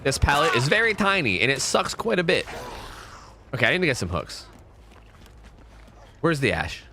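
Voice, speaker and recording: A young man chatting through a horror-game stream, his pitch leaping up and down all the time. He jokes and drops sudden high exclamations, sitting a little above the usual male pitch. A clear layer of background noise runs under his voice. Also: huge pitch swings, moderate pace, bright, forceful tone. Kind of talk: casual gameplay commentary.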